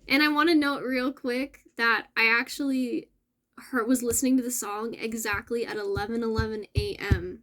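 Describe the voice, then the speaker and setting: A woman hosting a casual spiritual message for her viewers, gentle and affirming, with soft laughs and self-corrections. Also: fairly high pitch, moderate pace. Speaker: spiritual channel host.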